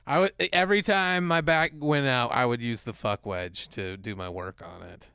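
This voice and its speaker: A man's voice: mid-range voice, normal speed, vocal fry, bright, forceful tone, clean tone, dry recording, clean studio sound. A man co-hosting a podcast in casual comedic chat, teasing his partner and laughing hard through his own stories. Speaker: podcast co-host.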